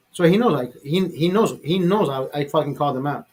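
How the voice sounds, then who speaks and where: A man hosting his own vlog, telling a story in a heated, profane, animated way. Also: on the high side, fairly quick, hardly any pauses, husky, faint music behind. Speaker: show host.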